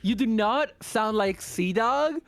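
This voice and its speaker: A woman's voice: on the high side, expressive, slow pace, no room sound, faint music behind. A woman in her forties from Argentina, a podcast guest chatting casually, joking, teasing and swearing freely. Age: 40s. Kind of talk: casual chat.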